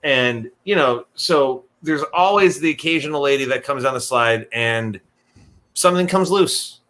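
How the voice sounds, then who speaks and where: A young man telling stories in casual chat, lively, acting out the voices of the people in them. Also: mid-range voice, a little slow. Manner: animated, acts out voices in his stories. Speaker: podcast guest telling stories.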